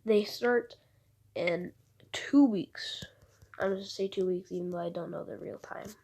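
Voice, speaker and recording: Slow, husky woman telling a rambling story. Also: medium pitch, a little mellow. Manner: rambling, retells dialogue with "he's like". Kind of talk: casual fan-story narration.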